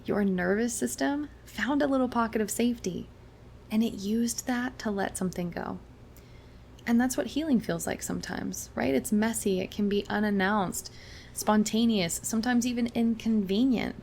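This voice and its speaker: A young adult woman, a chiropractor hosting a wellness talk, explaining in a soft, reassuring way and slowing down for emphasis. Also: mid-range voice, vocal fry, a little hiss or hum. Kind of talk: gentle explanatory monologue.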